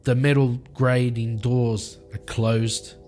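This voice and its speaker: Guy narrating his solo tabletop game, slow and lively, soft music behind. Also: mid-range voice. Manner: lively storytelling, acting out scenes.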